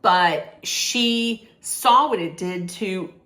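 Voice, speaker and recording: Speaking extremely slowly in a mid-range, slightly bright voice, a female movie reviewer casually recaps a film with spoilers. She rambles, starts over mid-thought, and leans heavily on "like."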